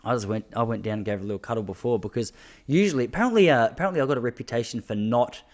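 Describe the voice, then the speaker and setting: A young Australian podcast host tells casual stories on his own, laughing often and poking fun at himself along the way. He talks rapid-fire in a medium-pitched voice.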